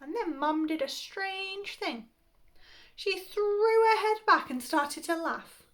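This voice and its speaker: A woman, a primary school teacher, reading a funny children's story aloud with animated, playful timing. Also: extremely high pitch, slow pace.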